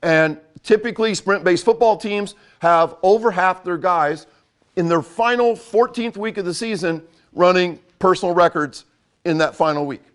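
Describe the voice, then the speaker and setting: Older male coach, higher-pitched, blunt and emphatic delivery. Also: moderate pace. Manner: blunt, emphatic, repeats for effect. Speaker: football coach. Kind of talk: coaching talk.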